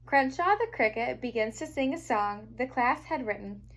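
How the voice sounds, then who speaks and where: A teacher reading a picture book aloud to young children, gentle and expressive. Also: female voice, fairly high pitch, moderate pace. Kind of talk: storybook read-aloud for children.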